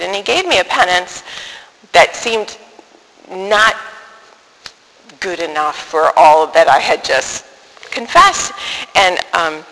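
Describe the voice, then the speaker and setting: A woman telling a personal story to an audience in an animated, self-deprecating way, often stopping and restarting her sentences. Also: on the low side, slow pace, creaky, pauses often, big-room sound, poor audio.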